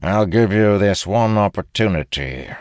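A man reading an audiobook, voicing a cold, merciless male general who speaks gruffly and evenly. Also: on the low side, a little slow, no echo, clean studio sound, pitched above the performer's own voice. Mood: menacing. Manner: gruff, even, unyielding.

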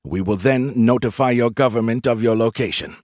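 A man voicing a calm, confident human general in an audiobook, courteous with a dry, taunting edge. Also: medium pitch, a little fast, no room sound, lightly acted. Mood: courteous, firm. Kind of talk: audiobook character voice.

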